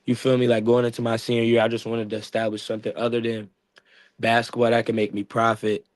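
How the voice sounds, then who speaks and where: A man's voice: medium pitch, monotone, fast, dry recording. A man from upstate New York, an event promoter, talking loosely as a guest and leaning on fillers like "you feel what I'm saying". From Niagara Falls, New York. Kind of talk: casual interview talk.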